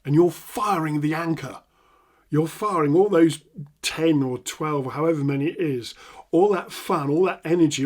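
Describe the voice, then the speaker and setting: A middle-aged man with an English accent, a hypnotherapist teaching an NLP technique with animated demonstrations. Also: a little high, moderate pace. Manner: animated, acts out laughing prompts with loud bursts. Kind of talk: instructional talk with demonstrations.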